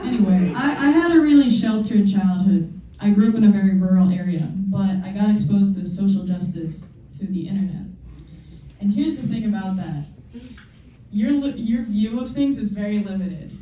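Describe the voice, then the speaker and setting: A woman's voice: medium pitch, moderate pace, warm tone. Young woman doing a standup set, self-mocking chatty stories, mic kinda far off, noisy echoey room. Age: young adult. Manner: self-mocking, conversational storytelling. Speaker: stand-up comedian. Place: live comedy show in a room.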